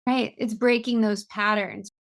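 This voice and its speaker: A woman's voice: medium pitch, steady tone, measured pace, no echo. A middle-aged woman, a compassion coach, explaining earnestly in a podcast interview. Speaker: guest, compassion coach and author.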